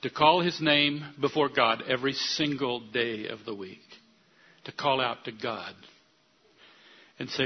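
An older man, a pastor, preaching an earnest sermon that rises to loud declarations. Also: medium pitch, measured pace, pauses often, husky, muffled recording.

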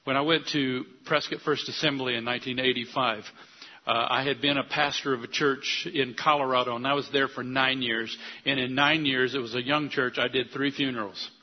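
An older man, a pastor, preaching an earnest sermon that rises to loud declarations. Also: medium pitch, fairly even intonation, moderate pace, highs cut off.

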